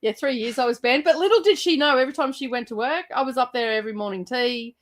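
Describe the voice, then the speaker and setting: Brief: woman host in her thirties, slightly high, casual and salty storyteller who laughs a lot. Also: fast talker. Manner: swears freely, laughs through her stories.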